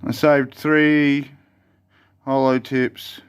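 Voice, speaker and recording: A man's voice: mid-range voice, level tone, very slow, clear, resonant tone. A man rambling casually to his viewers in a jumpy phone vlog. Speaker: vlogger.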